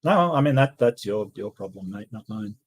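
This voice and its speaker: Husky, low-voiced Australian man. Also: animated, normal speed. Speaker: panelist. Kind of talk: casual online discussion.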